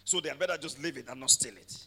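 A man preaching a sermon, swinging from quiet passages to shouted declarations and calling for amens. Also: fairly high pitch, rapid-fire, vocal fry, slightly rough, long reverb tail. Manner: calls for amens from the congregation. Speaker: pastor.

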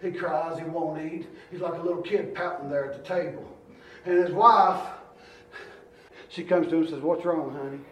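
Shouting preacher in an echoey church. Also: male voice, a little high, steady tone, normal speed, far from the mic. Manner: swings between quiet storytelling and shouted exhortation. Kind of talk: sermon.

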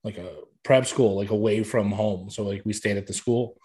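A man's voice: on the low side, fairly even intonation, normal speed, a little mellow, breathy edge. A man hosting a casual chat, joking and giving short replies.

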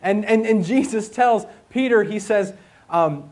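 High-voiced man preaching a sermon. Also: darkish tone. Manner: conversational, asks the audience questions; slow and emphatic, rising in pitch on key points.

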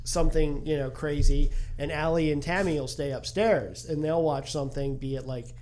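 A man's voice: a little high, fairly even intonation, normal speed, darkish tone, slight background noise. A man co-hosting a podcast in casual chat, rambling and restarting his sentences. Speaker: podcast co-host.

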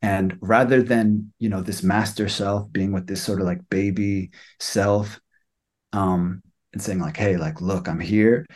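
Young man, slightly low voice, reflective personal sharing, hesitant with lots of fillers. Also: flat delivery. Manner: soft-spoken, halting, many fillers. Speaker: student sharing experience.

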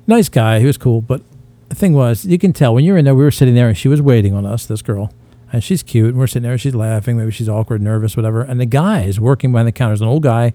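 A man's voice: medium pitch, quick pace, mellow. A man in his fifties telling rambling, profane stories in casual podcast chat, slipping into impressions. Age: 50s. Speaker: podcast co-host.

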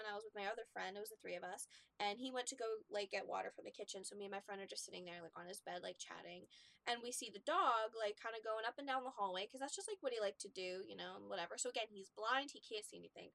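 A woman's voice: on the high side, vocal fry, a bit bright, dry recording. Giggly young woman telling a rambling story. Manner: rambling storyteller, laughs often. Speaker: podcast host. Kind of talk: casual chat.

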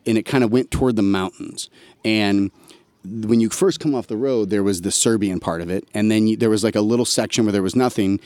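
A man's voice: on the low side, a little mellow, clear, resonant tone, dry recording. A man, an army veteran guest on a podcast, telling a long story in a loose, slangy, conversational way. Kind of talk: casual storytelling chat.

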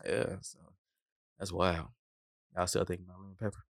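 Chill podcast guy, low gravelly voice, talks soft and easy. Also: little pitch movement, normal speed, no room sound, clean studio sound. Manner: laid-back, soft-spoken, drops his voice low. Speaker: podcast co-host. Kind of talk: casual chat.

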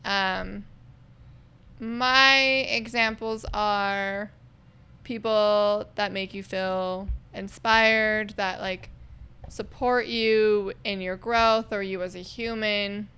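A young woman co-hosting a podcast, talking through her thoughts in a relaxed, reflective way. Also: medium pitch, extremely slow, clean tone. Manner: reflective, lays out points with ums. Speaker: podcast co-host. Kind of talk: casual chat.

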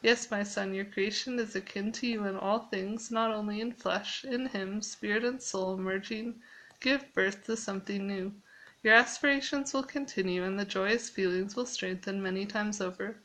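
Woman reading as soft calm father god, patient, soothing storybook voice. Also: mid-range voice, moderate pace, lightly acted, poor audio. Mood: gentle.

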